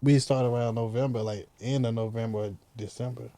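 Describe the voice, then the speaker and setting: A man's voice: medium pitch, fairly even intonation, fairly quick, warm tone, no echo. A man, a rapper guest, telling stories in a laid-back, slangy way. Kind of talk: casual interview chat.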